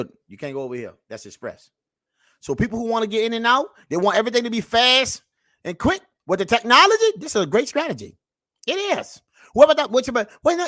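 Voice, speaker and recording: Male reaction host, preachy comic rant, very lively pitch, dry close mic. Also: dry recording. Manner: preachy, keeps calling out to the people; drawn-out, animated swings between mutter and shout.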